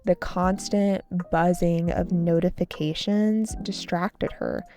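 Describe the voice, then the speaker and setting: A woman tells a story for English learners, stopping to repeat and explain vocabulary words. Her voice is mellow and a bit gravelly, and she speaks at a very unhurried pace. Faint music plays underneath. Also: on the low side, fairly even intonation. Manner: slow and deliberate, repeats words for pronunciation. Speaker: English teacher.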